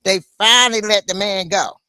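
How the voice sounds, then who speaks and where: A woman's voice: medium pitch, moderate pace, bright, forceful tone, dry recording. A woman from the United States hosting a solo livestream, venting in an impassioned, emphatic way. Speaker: livestream host.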